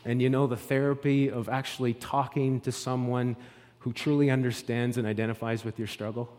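A man preaching a sermon, moving from loud declarations to soft, hushed passages and acting out the scenes he tells. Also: medium pitch, flat delivery, fairly quick, in a large hall. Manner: acts out the scenes he tells, with repeated words and restarts. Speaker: pastor.

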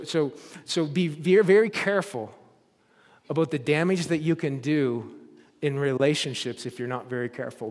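A man preaching a sermon as a pastor, telling stories and rising to loud, emphatic peaks. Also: a little high, in a large hall.

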